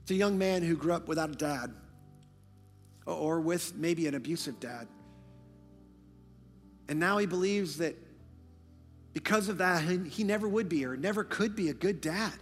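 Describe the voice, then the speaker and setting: A man preaching a sermon as a pastor, swinging between impassioned, emphatic build-ups and hushed, almost whispered lines. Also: fairly high pitch, moderate pace, long pauses. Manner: impassioned, rising to near-shouting emphasis; drops to hushed, whispered lines for quiet points. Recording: long hall reverb, faint music behind.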